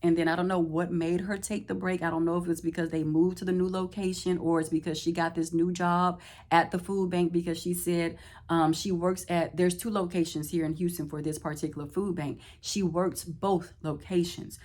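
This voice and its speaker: A woman, telling a story casually to camera, animated and laughing often as she acts out what others said. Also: lowish voice, normal speed. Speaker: vlogger. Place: Houston, Texas.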